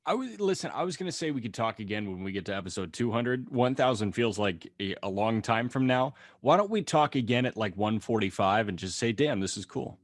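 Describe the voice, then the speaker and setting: A man's voice: on the low side, expressive, fairly quick, hardly any pauses, no echo. Wry young man on a dry mic. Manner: wry, teasing, dry jokes. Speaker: podcast co-host. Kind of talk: casual podcast chat.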